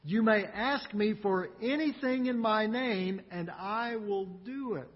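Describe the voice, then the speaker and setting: A man preaching a sermon, earnest and emphatic, with dramatic pauses. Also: high-pitched, slightly rough, long reverb tail, muffled recording. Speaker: pastor.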